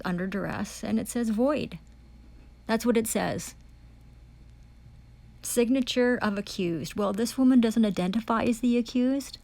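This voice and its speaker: A woman's voice: mid-range voice, vocal fry, darkish tone, no echo. A woman giving an angry testimony, ranting in furious, profane accusations, repeating herself and restarting phrases. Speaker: self-described foreign diplomat giving testimony.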